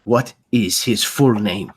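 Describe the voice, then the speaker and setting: Man in a tabletop game, lower voice, a bit halting, narrating his character. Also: a little hiss or hum. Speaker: player. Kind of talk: describing his character's actions.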